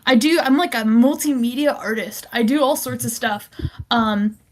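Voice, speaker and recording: A woman's voice: fairly high pitch, moderate pace, slight background noise. A woman guest on a podcast, an animator chatting casually about her work and often restarting her sentences. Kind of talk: casual chat.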